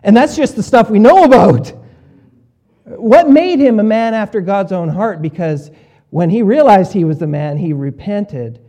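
Male pastor, high mellow voice, informal sermon delivery full of acted-out asides. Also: expressive, a little slow. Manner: conversational preaching with shifts in volume and voiced asides.

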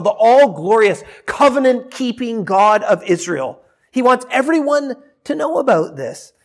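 A male preacher delivering a sermon in an animated storytelling manner. His voice sits fairly high for a man, and he often repeats and restarts phrases as he builds each point. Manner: animated storytelling, acting out quoted dialogue.

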